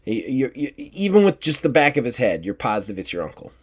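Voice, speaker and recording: A male game master describing scenes in a tabletop game. He rambles on with lots of fillers, stops and restarts, at a medium pitch. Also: sing-song, fast talker.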